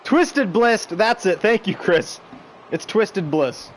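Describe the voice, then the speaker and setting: A man hosting a stream and calling video game wrestling play by play, excitable and shouting the big moves while chatting with viewers. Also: high voice, slow pace, a little hiss or hum. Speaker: stream host and play-by-play commentator.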